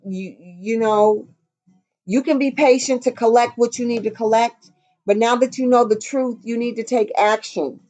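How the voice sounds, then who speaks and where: A woman's voice: a little high, steady tone, moderate pace, a little mellow. Lady doing a tarot reading, cusses a lot, super casual and chatty, kinda muffled sound. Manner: blunt, profane, chatty, sings snatches. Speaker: tarot reader.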